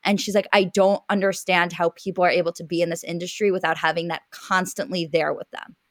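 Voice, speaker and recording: A woman's voice: lowish voice, little pitch movement, no room sound. Chatty woman podcast co-host, dry sound. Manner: chatty, quick bursts with many fillers. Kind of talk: casual chat.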